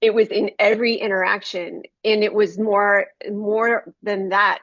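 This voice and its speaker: A Christian book reviewer speaks directly to her listeners, telling a heartfelt devotional story in an earnest, personal way. Her mid-range voice is level and a bit bright, a little slow with few pauses. The recording is dry and close, slightly dull and lo-fi.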